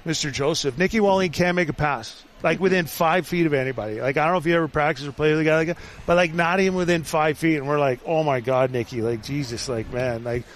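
A man's voice: on the high side, quick pace, hardly any pauses. A man hosting a casual chat, telling long rambling stories with constant filler words. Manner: rambling, heavy use of "like". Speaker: podcast host.

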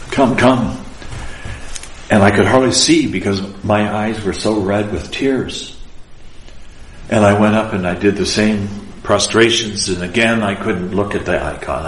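A man who is an Orthodox priest, telling a personal spiritual story in an earnest, deliberate, emotional way. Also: lowish voice. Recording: roomy echo.

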